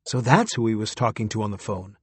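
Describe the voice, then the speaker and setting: A man with a husky voice narrating a story in the first person, in a close, dry recording. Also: fairly low pitch, expressive, fairly quick, no echo. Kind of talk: scripted audiobook narration.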